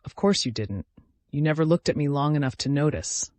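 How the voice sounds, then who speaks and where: A man's voice: on the high side, lively intonation, fairly quick, a little mellow, no echo, natural voice. A man voicing a bitter, jealous woman who accuses her rival, with little change from his reading voice. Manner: accusing, rising intensity.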